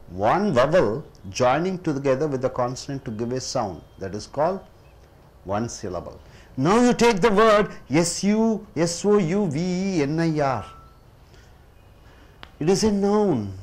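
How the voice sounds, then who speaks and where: A man with an Indian English accent teaching English pronunciation, slowly repeating each word as a drill. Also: fairly high pitch. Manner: slow, repeats words for drill, addresses listeners as sir. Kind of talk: classroom lesson.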